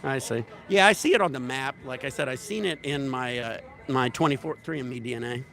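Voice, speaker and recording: A man's voice: medium pitch, fairly quick, gravelly, fairly bright tone, soft background music. A man hosting a casual livestream, telling rambling, profane stories at a resort bar. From United States. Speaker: livestream host.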